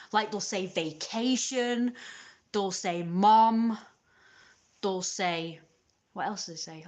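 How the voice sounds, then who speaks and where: British woman, youtuber, casual rant, blunt, exasperated, mid-pitched voice. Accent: British English. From Britain.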